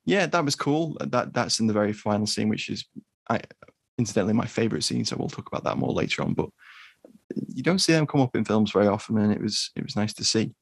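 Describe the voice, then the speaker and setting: Husky low-voiced man on a podcast. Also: very animated, dry recording, clean studio sound. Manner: unhurried and thoughtful, with frequent ums. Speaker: podcast co-host. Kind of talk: casual chat.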